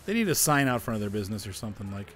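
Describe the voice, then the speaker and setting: A man's voice: on the low side, very animated, racing, fairly bright tone, a little hiss or hum. A man hosting a casual gameplay video, chatting and grumbling about game glitches as he plays. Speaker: gaming video host.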